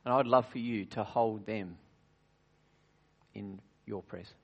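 A man serving as pastor, preaching earnestly at communion, asking rhetorical questions and sinking to quiet, intimate tones. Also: lowish voice, slow pace, vocal fry, dull audio. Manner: earnest, varies loudness widely, drops to near-whisper at times; frequent restarts and rhetorical questions. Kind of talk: communion sermon.

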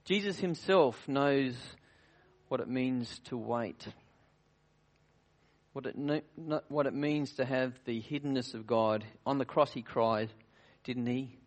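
A man serving as pastor, preaching earnestly at communion, asking rhetorical questions and sinking to quiet, intimate tones. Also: mid-range voice, slow pace. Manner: earnest, varies loudness widely, drops to near-whisper at times; frequent restarts and rhetorical questions. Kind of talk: communion sermon.

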